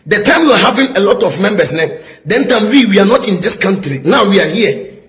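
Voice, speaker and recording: A man's voice: high voice, expressive, fairly quick, fairly bright tone, low-quality recording. A man delivers a preaching-style rebuke, pressing his points again and again. He asks his listeners whether they get his point and repeats himself for emphasis. He sounds middle-aged. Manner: emphatic, repetitive, asks "is somebody getting my point?". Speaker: prophet.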